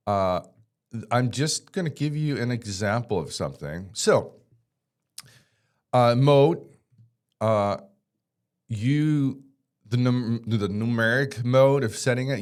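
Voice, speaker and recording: Male tech instructor, lower register, loose and jokey, drifts into asides mid-tutorial. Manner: chatty, joking, rambling asides. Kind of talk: casual screen-share tutorial.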